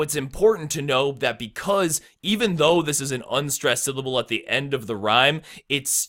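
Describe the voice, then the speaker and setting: A man with a bright, forward voice teaches rap writing in a loose, chatty way. He breaks into short rapped lines to show each rhyme, then goes back to explaining. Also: mid-range voice. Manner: relaxed, explanatory, drops quick rap bars as examples. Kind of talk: casual lesson on rap rhyming.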